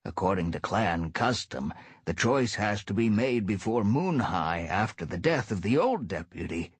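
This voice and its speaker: A man voicing an impatient, gossipy old tom cat elder, pitched a little above his own voice. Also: animated, moderate pace, husky, dry recording. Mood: testy. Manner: testy and gossipy.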